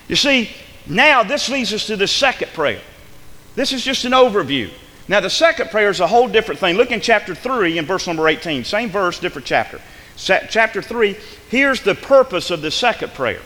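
A man preaching a sermon in a church with emphatic delivery, swinging between hushed passages and loud, fervent ones. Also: high voice, animated, brisk, big-room sound.

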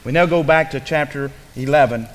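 A man preaching a sermon in a folksy, repetitive way, swinging between loud emphasis and hushed asides. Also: medium pitch, a little fast. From rural upbringing. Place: church. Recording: long hall reverb.

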